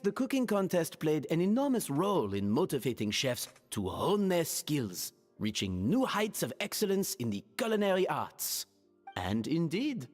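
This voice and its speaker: An actor playing a theatrical, genteel hotel manager in a game, speaking in flowery, grandiose phrases. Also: male voice, a little high. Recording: reverberant game audio with music.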